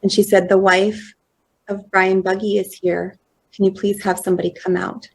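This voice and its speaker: A woman in her thirties giving a personal storytelling talk at a conference, slow and measured, acting out quoted dialogue. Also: medium pitch, flat delivery, creaky, slightly rough. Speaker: conference speaker. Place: conference hall.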